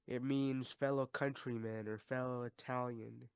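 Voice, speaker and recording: A man's voice: mid-range voice, little pitch movement, measured pace, gravelly, smooth, no echo, muffled recording. A man co-hosting a casual podcast chat, joking and rambling and swearing casually. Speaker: podcast co-host.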